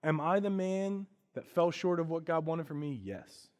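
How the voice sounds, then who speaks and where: A man's voice: on the high side, normal speed. Man preaching in a conversational sermon. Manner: conversational preaching, swings between hushed and emphatic. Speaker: pastor.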